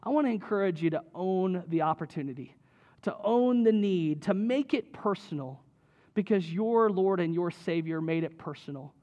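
A man's voice: high voice, expressive, normal speed, darkish tone, lo-fi sound. A man preaching a sermon as a pastor, in a conversational way with many fillers and tag questions.

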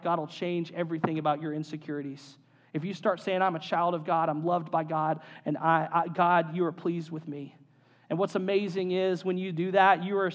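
A man preaching a sermon in an earnest, emphatic way, often saying his main points twice. His voice sits high for a man. It carries a long reverb, as if he speaks in a big hall. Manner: earnest, repeats key phrases for emphasis. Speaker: pastor.

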